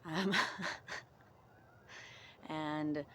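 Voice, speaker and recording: A woman vlogging outdoors in the cold, talking through reflective self-help questions in a gentle, encouraging way. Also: sits low, fairly even intonation, very slow, a little hiss or hum.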